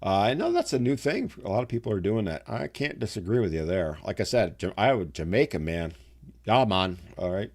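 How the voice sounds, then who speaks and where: A man's voice: lowish voice, big pitch swings, fast talker, few pauses, darkish tone. A middle-aged man hosting a live stream, chatting casually and rambling through side stories while he answers viewer comments. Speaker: live show host reading viewer chat.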